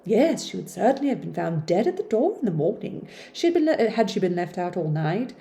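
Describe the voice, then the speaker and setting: A woman voicing gentle, curious young sisters who talk quickly and softly at a sickbed in a storybook reading. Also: medium pitch, very animated, creaky. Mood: concerned whispering.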